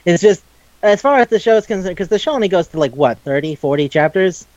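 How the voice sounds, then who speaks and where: Young male co-host, animated retelling, acts out lines, dry lo-fi recording. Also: sits high, quick pace, no echo. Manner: animated, acts out characters while retelling scenes, swears freely. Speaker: podcast co-host. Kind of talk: casual chat. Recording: dull dry lo-fi mic.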